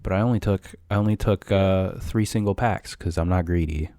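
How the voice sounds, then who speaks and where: A young man with a low voice co-hosts a casual podcast. He teases, prods and jokes around, pushing his friend to open up. The recording is dry and close to the mic. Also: normal speed, warm tone, no room sound. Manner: teasing, pushy, joking banter. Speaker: podcast co-host.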